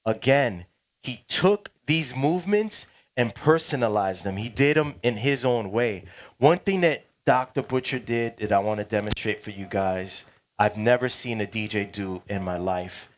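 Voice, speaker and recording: A middle-aged man, a DJ casually telling a slangy story to a workshop class, turning loud and excited. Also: on the low side, moderate pace. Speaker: DJ teaching a workshop.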